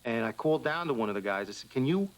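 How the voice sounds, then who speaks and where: A man, a firefighter, giving a plain, steady first-hand account in a documentary interview. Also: medium pitch, fast talker, low-quality recording. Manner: plain, steady retelling with quoted speech.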